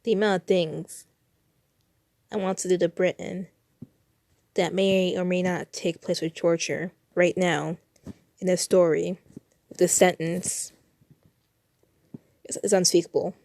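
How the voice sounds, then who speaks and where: A woman's voice: fairly low pitch, level tone, unhurried, gravelly, pauses often, darkish tone, no room sound. A woman reacting to fanfiction she reads aloud, exasperated, sighing and swearing. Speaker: fanfiction reader.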